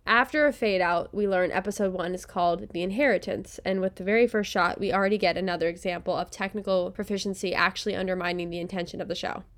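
A woman's voice: on the low side, steady tone, quick pace, few pauses. A woman hosting a commentary podcast, reading a sarcastic review script with a wry tone, laughing often and restarting lines when she stumbles. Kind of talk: casual recorded commentary read from a script.

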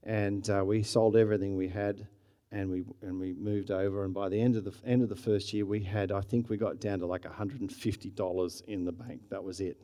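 Preaching in a lowish, steady, mellow voice at a fairly quick pace, a middle-aged pastor with an Australian accent tells his sermon conversationally, like a story. He restarts often, and his energy climbs in bursts now and then.

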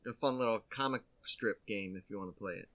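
A man's voice: fairly low pitch, a little fast, a bit bright. Rambling, jokey man in casual chat. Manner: rambling, jokey, acts out quoted voices.

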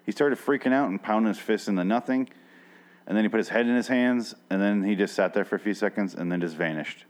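Lowish-voiced dude hosting a podcast, swears a lot, rambles through an episode recap. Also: male voice, fast. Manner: rambling and sweary, with frequent restarts. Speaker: podcast host. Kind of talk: casual profane recap chat.

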